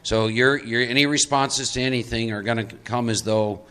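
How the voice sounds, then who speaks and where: A man's voice: mid-range voice, fairly even intonation, normal speed, pushed and bright, smooth. A man giving a live recovery workshop talk, conversational and coaxing as he pulls volunteers from the audience into a role-play. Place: meeting room with audience.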